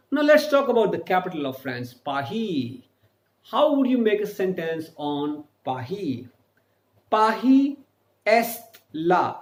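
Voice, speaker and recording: A man teaching a beginner French lesson. He spells words out letter by letter and repeats phrases slowly. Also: high-pitched, roomy sound. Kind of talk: online language lesson.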